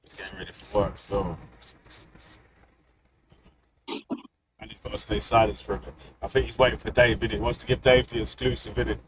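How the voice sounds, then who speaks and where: A man's voice: lowish voice, steady tone, quick pace, noisy background. A man with a Nottingham accent chatting casually while reacting to videos, laughing constantly and swearing in slangy banter. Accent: Nottingham English.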